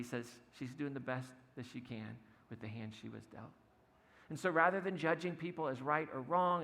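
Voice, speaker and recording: Gravelly male pastor in echoing church. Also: fairly high pitch, bright, forceful tone. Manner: conversational storytelling, acts out quotes, laughs often. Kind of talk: sermon. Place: church sanctuary.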